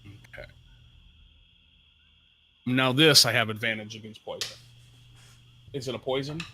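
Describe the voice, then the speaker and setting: A man playing in a tabletop game, calmly reading out his rolls and adding the damage. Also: mid-range voice, a little slow, husky. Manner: methodical, reads out rolls and sums. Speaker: player.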